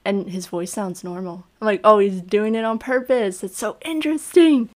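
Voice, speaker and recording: A woman's voice: mid-range voice, normal speed. A woman co-hosting a podcast, chatting casually about a horror film and acting out lines as she goes. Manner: animated, acts out quotes from the film. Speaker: podcast co-host. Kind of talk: casual film review chat.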